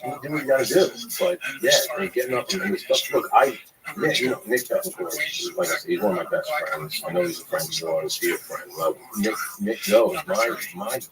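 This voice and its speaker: Gravelly TV writer type, lively swearing delivery, noisy crowd behind. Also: male voice, mid-range voice, a little fast. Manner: profane, rambling, animated. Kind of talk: casual chat. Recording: loud crowd chatter behind.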